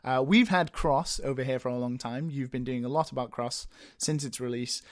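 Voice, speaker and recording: A man's voice: mid-range voice, moderate pace. A man from England hosting a podcast in casual, self-deprecating chat with frequent laughter. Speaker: podcast host.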